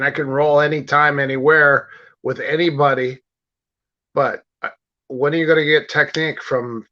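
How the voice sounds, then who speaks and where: A middle-aged man, a grappling coach, telling stories in a casual interview over a video call, animated and repeating phrases as he acts out quoted exchanges. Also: medium pitch. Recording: dull lo-fi livestream audio.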